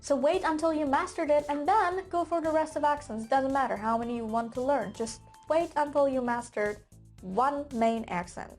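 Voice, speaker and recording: A woman's voice: high-pitched, moderate pace, darkish tone, faint music behind. A young woman whose first language is Persian, speaking English with an American accent in a casual, chatty vlog to her viewers. She talks with frequent fillers and a joking tone. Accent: American English, non-native. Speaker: English-learning vlogger. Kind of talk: casual talk to camera.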